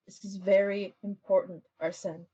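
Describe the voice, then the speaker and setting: A woman voicing a gentle, protective older man with a put-on French accent, giving brisk, tender instructions. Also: medium pitch, little pitch movement, breathy edge, lo-fi sound, lightly acted.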